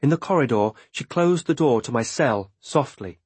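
A man narrating a story in a measured, expressive reading voice. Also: mid-range voice, breathy edge, dry recording. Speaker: audiobook narrator. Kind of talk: scripted narration.

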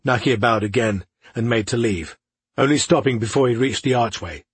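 A man narrating a fantasy audiobook in a measured, even, scripted delivery. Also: medium pitch, slightly rough, dry recording.

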